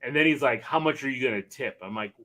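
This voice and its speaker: A man co-hosting a casual podcast, telling animated, profane stories about his kids. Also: mid-range voice, fast talker. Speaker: podcast co-host. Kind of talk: casual chat.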